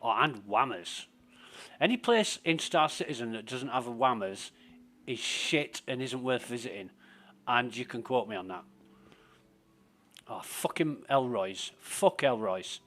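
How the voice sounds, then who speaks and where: A man's voice: mid-range voice, animated, unhurried, pushed and bright. A man, streaming a game live and giving rambling, profane, sardonic commentary.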